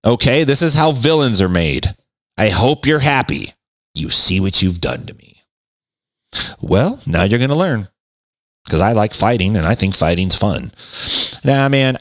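A man hosts a podcast from his home den with lively, swooping intonation. He rants in a profane, sarcastic way, and his mic sound is close and dry. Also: fairly low pitch, moderate pace, dry recording. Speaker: podcast host. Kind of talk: casual comedic rant. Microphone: studio microphone.

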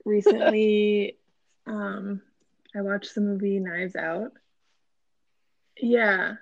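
A young woman with a Minnesotan accent chatting casually as a podcast co-host, full of fillers and quick laughs. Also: mid-range voice, steady tone, gravelly, no echo, dull audio. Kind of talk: casual chat.

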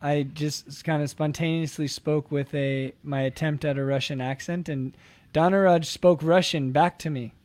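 A man hosting the show, chatting casually over a call and getting animated as he tells a story. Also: fairly high pitch, moderate pace. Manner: animated, voice climbing as he talks. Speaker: show host. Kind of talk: casual chat.

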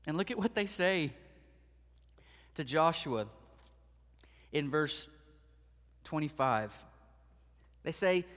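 A male pastor preaching a sermon in a lively storytelling way, acting out the voices of the people he quotes. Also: high-pitched, slow, pauses often, big-room sound.

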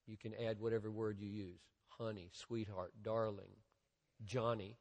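A man preaching a sermon as a pastor, with emphatic rises and drops in loudness and a slow, deliberate delivery. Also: fairly low pitch, little pitch movement. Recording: long reverb of a large hall.

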